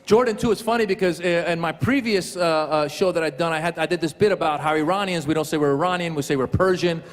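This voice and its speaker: A man performing a stand-up comedy set, telling stories with animated, acted-out voices on stage. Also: on the high side, fast, long reverb tail. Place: comedy stage before a live audience.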